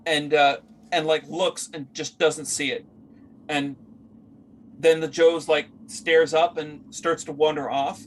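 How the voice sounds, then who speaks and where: A man's voice: on the high side, a little hiss or hum. A man narrating as game master for a tabletop game, rambling with many fillers as he searches for words.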